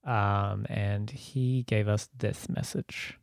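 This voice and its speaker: A man's voice: on the low side, steady tone, slow pace, gravelly, smooth. A man hosting a podcast, chatting casually with rambling, giggly talk full of restarts. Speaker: podcast host.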